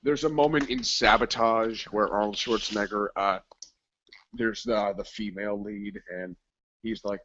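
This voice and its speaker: A man in casual movie chat, crude and joking, acting out scenes in quick voices. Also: on the low side, fairly even intonation, a bit bright. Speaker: co-host. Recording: dull lo-fi recording.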